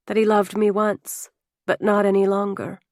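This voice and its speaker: A woman's voice: mid-range voice, flat delivery, moderate pace, a little mellow, no echo, clean studio sound, lightly acted. A woman voicing a heartbroken, elegant young woman who speaks in a wounded, bitter and pleading way.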